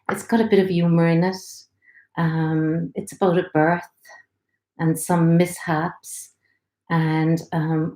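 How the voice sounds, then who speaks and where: A woman author reads her own short story aloud during a live online event, in a friendly, steady narrating voice. Her tone is mellow and soft, and the indoor room adds a roomy echo. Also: fairly low pitch. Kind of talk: live literary reading.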